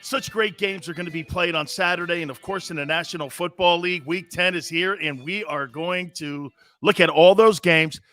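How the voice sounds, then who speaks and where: Bright-voiced ranting sports show host. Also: male voice, high voice, moderate pace, hardly any pauses, soft background music. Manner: animated, ranting, sarcastic. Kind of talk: opinionated sports commentary.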